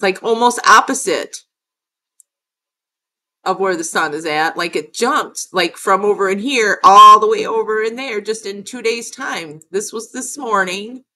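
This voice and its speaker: Middle-aged woman vlogger with a bright, sharp voice and mid-range pitch. Rambling, emphatic delivery with frequent cursing. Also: measured pace, a little hiss or hum. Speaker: video creator. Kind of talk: casual vlog narration over footage.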